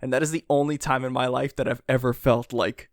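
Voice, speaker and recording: Excitable young man, dry close sound. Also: mid-range voice, fairly quick, no room sound. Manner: laughs often, excitable, swears. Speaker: podcast co-host. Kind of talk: casual chat.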